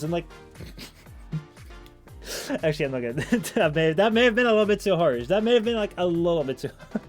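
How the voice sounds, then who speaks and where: A man's voice: sits high, animated, moderate pace, pauses often, faint music behind. A man streaming, chatting casually and rambling with many fillers and restarts. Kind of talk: casual chat.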